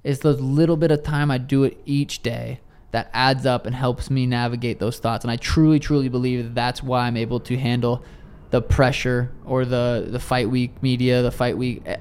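A young adult man, a professional fighter, speaks in a mid-range, slightly mellow voice, with slight background noise. He is the interviewee in a casual interview, talking loosely and profanely and frequently restarting his sentences.

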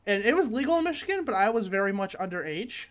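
A man's voice: sits high, sing-song, fast talker, fairly bright tone. A young man co-hosting a casual chat, telling rambling stories full of fillers and swearing. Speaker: podcast co-host.

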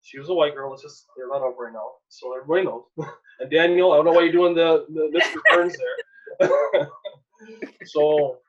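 A young man from Canada telling a personal story in a casual, animated way, laughing often and acting out the people in it. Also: a little high, moderate pace, pauses often. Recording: dull lo-fi sound.

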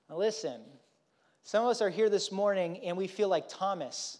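A man preaching a sermon as pastor, in a conversational and animated way that keeps checking in with the congregation. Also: high-pitched, normal speed. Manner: conversational, animated, often asks "right?". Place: church.

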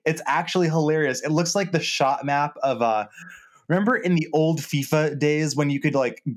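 A young man co-hosting a podcast in relaxed casual chat, with many fillers. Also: medium pitch. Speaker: podcast co-host.

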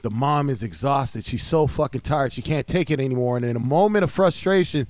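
A man's voice: mid-range voice, brisk, a little mellow, dry recording. A man who is a comedian, talking on a podcast in an intense, profane way and retelling stories. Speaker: comedian guest. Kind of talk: casual podcast chat.

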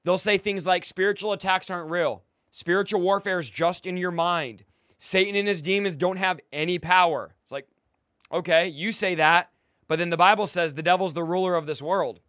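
A man's voice: high-pitched, moderate pace, a bit bright, dry recording, clean studio sound. A young man preaching a fiery, confrontational sermon, mocking his critics and commanding listeners to fight. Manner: exhorting, commanding.

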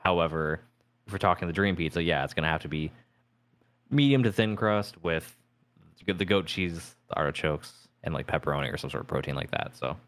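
A man in a casual podcast debate hedges his points, padding them with likes and you-knows. His voice is very low. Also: lively intonation, brisk, fairly bright tone. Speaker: podcast co-host.

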